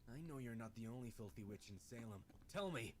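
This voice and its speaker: A man voicing a harsh, commanding male witch-hunter villain in a fan-made animated series. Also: mid-range voice, fast, natural voice. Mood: menacing. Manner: harsh, ordering others about. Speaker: voice actor. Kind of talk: fan machinima voice acting.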